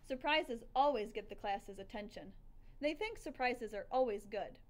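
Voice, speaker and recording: A woman narrating a children's storybook aloud in the first person, with lively, expressive storytelling. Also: fairly high pitch, normal speed. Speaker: audiobook reader.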